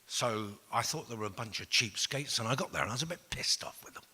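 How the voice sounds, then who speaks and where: A man, telling blunt, profane stories to an audience, jumping from loud outbursts to hushed asides. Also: mid-range voice, lively intonation, fast, husky. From England. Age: 60s. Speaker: speaker. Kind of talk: storytelling talk to an audience. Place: large hall with an audience. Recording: long reverb of a large hall.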